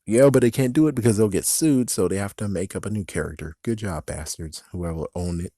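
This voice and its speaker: A man's voice: lowish voice, fairly quick, warm tone, no room sound, clean studio sound. A man ranting through a movie review, exasperated and swearing constantly.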